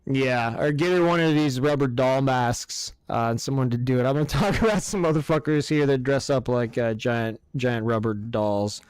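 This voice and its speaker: A man co-hosting a casual podcast, rambling and swearing his way through excitable rants. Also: medium pitch, normal speed, few pauses, clear, resonant tone, no echo, clean studio sound. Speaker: podcast co-host.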